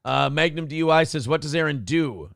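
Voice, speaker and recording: A man's voice: a little high, a little fast, gravelly, a bit bright, no echo. A man hosting a casual show, joking crudely, laughing often and reading viewer chat messages aloud. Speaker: morning show host.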